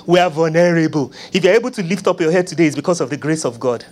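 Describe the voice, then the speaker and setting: A preacher delivering a sermon, pleading and acting out prayers, swinging from loud cries to hushed murmurs. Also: fast talker. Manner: acts out begging prayers in a low, soft voice.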